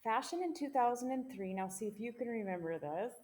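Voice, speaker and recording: A woman's voice: fairly high pitch, lively intonation, fairly quick, darkish tone. A woman co-hosting a casual podcast, presenting the case and teasing her co-host. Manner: playful, teasing, jokey. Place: small home podcast room.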